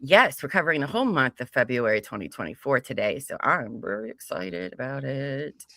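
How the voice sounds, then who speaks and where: A woman's voice: very deep voice, lively intonation, a little fast, gravelly, pushed and bright, dry recording, clean studio sound. A woman co-hosting a casual livestream, greeting viewers by name with frequent giggles. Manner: bubbly, giggly, reads chat names aloud. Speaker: livestream co-host.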